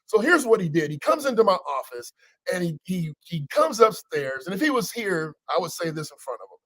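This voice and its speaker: A man hosting a casual motivational talk as a coach, energetic and teasing, with preacher-like repetition. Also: high-pitched, fairly quick, no echo, low-quality recording. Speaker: coach and show host.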